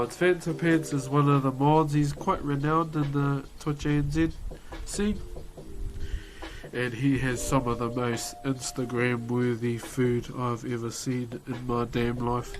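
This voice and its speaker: A man's voice: mid-range voice, level tone, a little slow. A young man with a New Zealand accent chatting casually while streaming, joking, swearing and laughing often as he carves wood. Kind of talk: casual live-stream chat.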